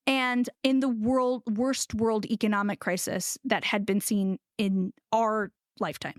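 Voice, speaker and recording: A woman's voice: fairly high pitch, measured pace, few pauses, no echo, clean studio sound. A middle-aged woman from the United States, a ceramicist guest, telling a story in a casual interview with laughs and acted-out quotes. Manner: animated, laughing, acts out quoted voices.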